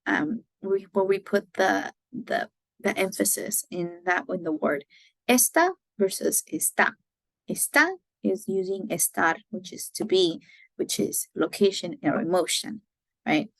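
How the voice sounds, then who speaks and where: A woman's voice: mid-range voice, steady tone, unhurried, a bit bright, no room sound. A woman teacher giving a recorded lecture, explaining patiently, switching between English and Spanish examples and often checking in with "right?".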